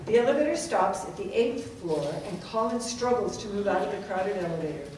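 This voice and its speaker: A woman's voice: medium pitch, lively intonation, a little fast, darkish tone, recorded from a distance. Woman narrator reading stage directions plainly, faint hiss in an echoey room.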